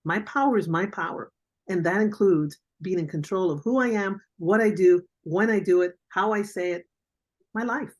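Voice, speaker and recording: A woman's voice: mid-range voice, moderate pace. An older woman, a veteran journalist, giving blunt, emphatic career advice as a guest on an online mentoring interview over a video call.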